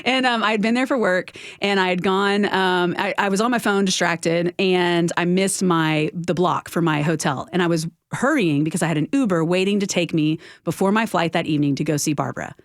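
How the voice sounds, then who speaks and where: A woman's voice: lowish voice, fairly quick, hardly any pauses, no echo, clean studio sound. A middle-aged woman from Texas with a Texan accent, a radio guest telling a personal story with emotion. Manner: warm, emotional storytelling with acted quotes. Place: radio studio.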